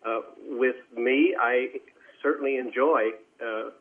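A man speaks as a guest over a tinny phone line in a radio interview. His pitch sits in the middle, and he talks in a measured, courteous way with frequent "uh" fillers. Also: fairly even intonation.

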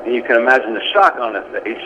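Man, former police sergeant, reflective storytelling, lots of fillers, background noise on the line. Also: medium pitch. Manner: earnest, reflective, halting with many fillers. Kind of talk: personal storytelling in a radio interview. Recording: muffled radio audio with steady background noise.

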